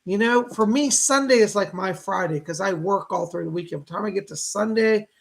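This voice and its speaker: A man in his fifties hosting a casual psychic livestream, chatting warmly with viewers and greeting them by name. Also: sits high, brisk, gravelly. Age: 50s.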